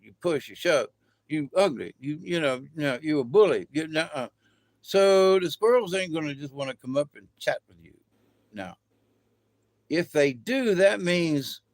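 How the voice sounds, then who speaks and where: A man's voice: a little high, dry recording. A middle-aged man rambling casually in a folksy, colloquial way through a spiritual monologue. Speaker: vlogger.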